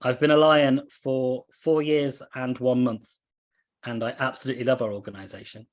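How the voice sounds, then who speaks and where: A man giving a presentation as a district officer, speaking in a measured way and listing his points in a steady rhythm. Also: mid-range voice. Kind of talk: presentation to an online meeting.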